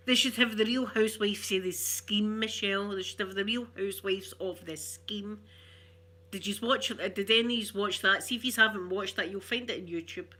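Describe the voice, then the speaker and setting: A woman with a Glaswegian Scottish accent chatting casually, a rambling storyteller who laughs often and slips into soft asides. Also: medium pitch, normal speed. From Glasgow, Scotland. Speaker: ASMR vlogger. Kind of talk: casual chat.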